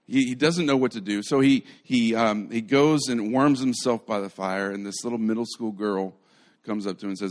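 A middle-aged pastor preaching in a low male voice. He tells a story animatedly and restarts his sentences often as he goes. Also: moderate pace. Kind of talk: sermon.

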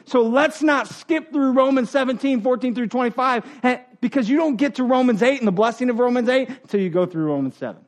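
Pastor guy preaching, high voice, jokey, acts out little voices. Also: fairly quick. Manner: animated, acts out quotes and voices; jokes and laughs with the congregation. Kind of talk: sermon.

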